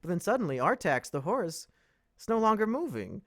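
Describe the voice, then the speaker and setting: A man hosting a casual podcast, retelling a film in an animated, profane way and laughing often. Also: sits high, a little fast. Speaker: podcast host.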